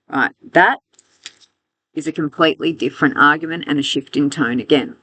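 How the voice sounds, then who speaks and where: A woman's voice: deep voice, normal speed, bright, forceful tone, dry recording. A woman teacher walking students through a reading text, thinking aloud with restarts and rhetorical questions, on a close mic.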